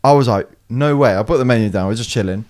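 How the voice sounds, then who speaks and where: A young man, co-hosting a casual podcast and telling animated stories with plenty of swearing and laughter. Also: mid-range voice, fast. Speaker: podcast co-host. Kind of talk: casual chat.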